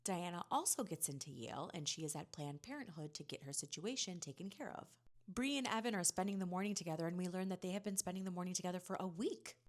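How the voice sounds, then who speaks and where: A woman giving a casual, chatty recap of a TV episode, full of "like" and quick paraphrased asides from the characters. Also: fairly low pitch, animated. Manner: chatty, filler-heavy "like" storytelling. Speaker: TV recap host.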